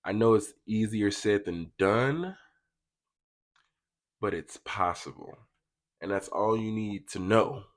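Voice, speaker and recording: A man's voice: fairly low pitch, takes it slowly, long pauses. A young man giving a casual pick-a-card tarot reading, chatty and slangy, talking straight to his viewers. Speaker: tarot reader.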